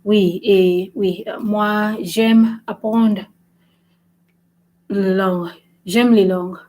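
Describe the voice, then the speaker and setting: A woman's voice: medium pitch, steady tone, takes it slowly, mellow, poor audio. A woman hosting a casual language lesson vlog, switching between French and English and repeating points with "right?". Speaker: language-learning channel host.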